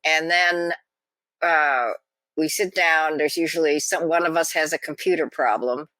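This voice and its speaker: A woman's voice: low voice, steady tone, unhurried, pushed and bright, no echo. An older woman co-hosting a podcast in casual chat, speaking with wry, dry humor on a computer mic. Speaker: podcast co-host. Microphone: computer microphone.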